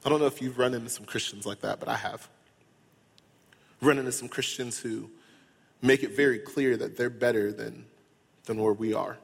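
A man preaching a sermon, animated and at times rising into exclaimed disbelief. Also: medium pitch, husky. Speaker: pastor. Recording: long hall reverb.

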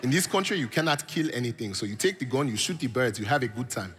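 A man voicing his warm, playful African immigrant father, speaking in slow, broken English with an African accent. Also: mid-range voice, animated, noisy background, lightly acted. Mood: teasing.

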